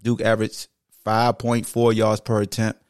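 A man's voice: fairly low pitch, completely flat delivery, normal speed, darkish tone, no echo, clean studio sound. Matter-of-fact male podcast host. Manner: patient, scolding, matter-of-fact. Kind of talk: sports stats recap.

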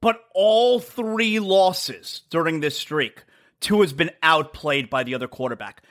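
A man's voice: a little high, slow pace, fairly bright tone. A man hosting a sports talk show, delivering an emphatic, blunt monologue that repeats its points and mocks rival teams. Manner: emphatic, repetitive, blunt and mocking.

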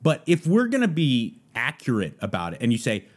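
With wildly swooping pitch and a brisk pace, a Southern Californian man hosts a solo podcast, his voice mid-range. The monologue is casual and loose, rambling, and full of fillers.

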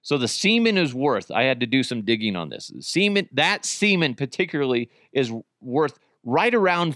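A man's voice: medium pitch, sing-song, moderate pace, hardly any pauses, fairly bright tone, no echo, clean studio sound. A man hosting his own podcast in casual solo chat, crude and joking, often poking fun at himself. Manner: crude, joking, self-mocking. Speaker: podcast host.

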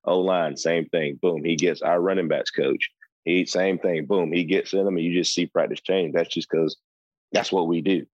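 A football coach talking shop in a loose, emphatic way, circling back and repeating himself as he goes. His voice sits very low. The sound is dry and a little muffled, as if recorded with a plain mic in a dead room. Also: fairly even intonation, moderate pace, a little mellow, no room sound. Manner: emphatic, repetitive restarts. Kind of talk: casual chat.

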